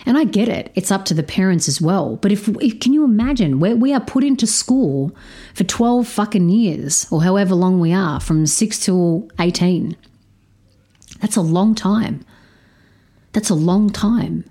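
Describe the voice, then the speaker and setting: A woman's voice: medium pitch, lively intonation, moderate pace, dark tone. A woman hosting a solo podcast, talking frankly and emphatically about parenting, with plenty of swearing. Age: adult stepparent. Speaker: podcast host.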